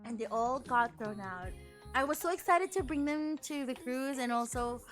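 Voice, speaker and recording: This streamer, a woman from the Philippines, chats with her audience as a VTuber, full of laughter, energy and casual profanity. Her voice is high and her pace moderate, with soft music in the background.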